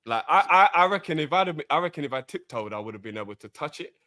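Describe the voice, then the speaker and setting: Man, laid-back slangy storytelling, bright lively voice. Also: a little high, fast talker. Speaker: podcast co-host. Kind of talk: casual banter.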